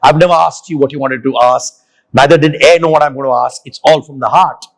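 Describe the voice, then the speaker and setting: A man's voice: medium pitch, fairly even intonation, brisk, vocal fry. A man hosting an interview in a chatty, conversational way, asking open questions. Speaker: interview host.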